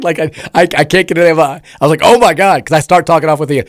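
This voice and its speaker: A male sports radio host with a hoarse, raspy voice that cracks, telling rambling self-deprecating stories in casual chat. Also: on the high side, very fast, no room sound, clean studio sound. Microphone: studio mic.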